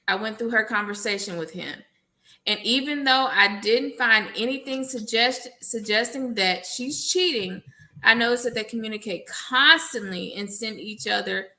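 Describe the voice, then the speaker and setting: A woman's voice: mid-range voice, pushed and bright. A woman educator reading an advice letter aloud on a panel, adding playful asides.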